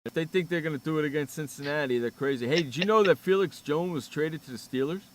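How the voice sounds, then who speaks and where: A brash man hosting sports talk radio, teasing and boastful. His voice sits a little high for a man, and he keeps the talk loose and casual. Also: fast, a little hiss or hum.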